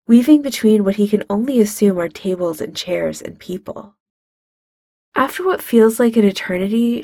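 A woman's voice: mid-range voice, creaky, warm tone, breathy edge, no echo, studio quality. A woman reading fiction aloud in a wry, conversational narrating voice. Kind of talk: fan fiction audiobook reading.

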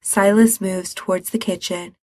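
Woman narrator, slow storybook reading, measured and even, dry close sound. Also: medium pitch, dry recording. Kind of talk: reading fan fiction aloud.

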